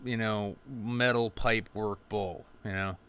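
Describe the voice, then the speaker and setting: A man's voice: on the low side, steady tone, slow pace, fairly bright tone, clean tone. A man hosting a podcast, telling rambling, profane anecdotes full of quoted dialogue. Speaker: podcast host. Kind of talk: casual storytelling chat.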